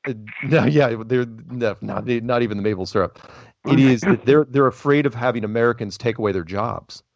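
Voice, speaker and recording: Rambling call-in show host, lo-fi sound. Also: male voice, medium pitch, fairly quick, gravelly, no room sound. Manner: rambling, animated, self-interrupting. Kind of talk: casual call-in chat. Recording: dull, lo-fi phone-style sound.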